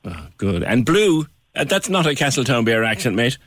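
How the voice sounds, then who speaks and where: A man's voice: mid-range voice, sing-song, moderate pace, a bit bright. A man hosting a radio interview, chatty and enthusiastic. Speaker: radio host.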